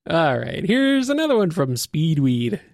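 A man's voice: fairly high pitch, very animated, a little slow, gravelly, a little mellow, no echo, clean studio sound. A man hosting a casual podcast, reading listener questions and laughing often. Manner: giggly, reads questions aloud, laughs often. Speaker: podcast host.

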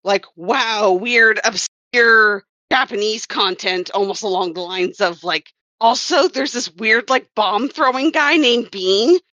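A woman with a bright, forceful voice talks through her comics work in a loose, rambling way. She keeps correcting herself with wry asides. The recording is dry and a little muffled. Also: a little high, slow, hardly any pauses, no room sound. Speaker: comics writer and colorist. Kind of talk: casual podcast chat.

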